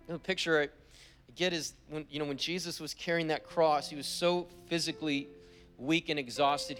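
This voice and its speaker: During a church service, a pastor with a notably high male voice preaches emphatically, repeating phrases to drive his points home. He slows right down when reading scripture aloud, while soft instrumental music plays faintly underneath.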